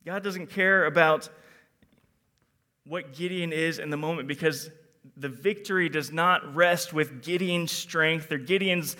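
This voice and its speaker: Youth preacher, male, slightly high, bright and forceful, animated delivery. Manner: animated, acts out quotes in different voices; shifts between loud emphasis and quiet reflection. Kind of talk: sermon.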